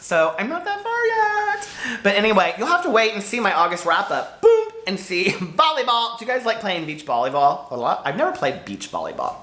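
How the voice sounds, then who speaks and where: A man's voice: high voice, pushed and bright, roomy sound, a little hiss or hum. A man chatting casually to camera as a book vlogger, rambling and jumping between topics.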